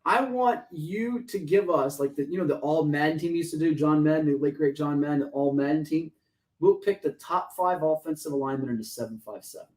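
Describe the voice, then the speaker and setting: A man hosting a sports talk show, talking fast and joking excitedly with his co-host. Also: a little high, poor audio. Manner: fast, excitable, jokey and talkative.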